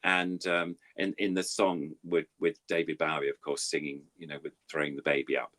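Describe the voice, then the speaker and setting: Older puppeteer, deep voice, chatty and self-deprecating storyteller. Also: male voice, little pitch movement, normal speed, sharp tone. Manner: rambling, self-deprecating storytelling with many fillers. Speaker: puppeteer guest. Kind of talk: anecdotal interview chat.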